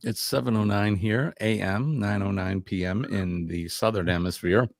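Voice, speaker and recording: A man's voice: fairly low pitch, fairly even intonation, moderate pace, no echo, clean studio sound. A man hosting a casual live stream, chatty and upbeat, reading out viewer comments during a quiz.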